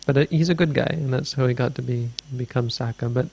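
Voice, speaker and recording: Gravelly-voiced man giving a dharma talk. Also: mid-range voice, fast, a little mellow. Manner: meandering, thoughtful storytelling. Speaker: Buddhist teacher. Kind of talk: dharma talk answering a question.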